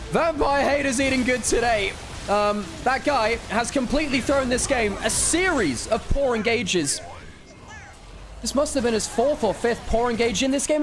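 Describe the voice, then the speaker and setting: A woman doing energetic play-by-play commentary on an esports match, loud and full of exclamations. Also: fairly high pitch, normal speed, music in the background. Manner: excitable, exclamatory. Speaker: esports caster.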